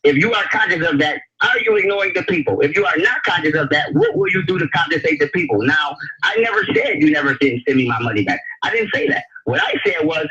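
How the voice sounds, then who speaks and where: A man's voice: high voice, lo-fi sound. A man calling into a show, arguing hard, repeating his question, cursing at the other side. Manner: confrontational, repeats questions, curses. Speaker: caller. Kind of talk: heated call-in argument. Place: phone call into a live online radio show.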